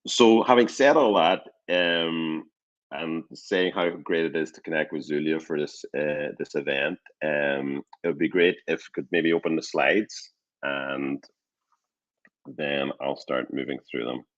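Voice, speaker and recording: A man's voice: rumbling low, a little slow, highs cut off. A man with a Northern Irish accent gives a friendly, enthusiastic academic talk over a video call, chatty and loose with restarts. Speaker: guest lecturer, crime researcher.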